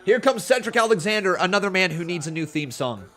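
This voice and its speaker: Chatty excitable man hosting a stream. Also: high-pitched, quick pace. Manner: chatty, excitable, self-mocking, laughs often. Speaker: live stream host. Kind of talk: casual live watch-along commentary.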